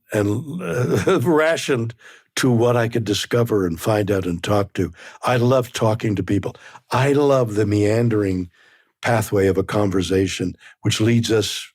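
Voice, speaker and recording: Slow, husky man in his nineties. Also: on the low side, a little mellow, no room sound, studio quality. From Canada. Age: 90s. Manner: halting, repeats words while searching for phrasing. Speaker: guest. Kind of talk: casual interview talk.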